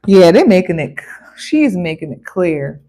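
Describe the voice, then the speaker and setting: A woman giving a casual tarot card reading, chatty and animated, breaking into exclamations and playful voices. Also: fairly low pitch, a little slow, slight background noise.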